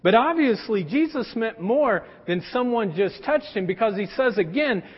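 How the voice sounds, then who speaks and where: A pastor preaching a sermon, telling the story in an animated, casual way with everyday slang. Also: male voice, high voice, normal speed, breathy edge. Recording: echoey hall, dull sound.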